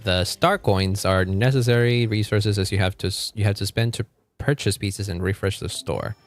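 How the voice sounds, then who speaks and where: Streaming a game from home, a young man chats casually in a lowish voice at normal speed, with faint music behind him. He swears freely and laughs often.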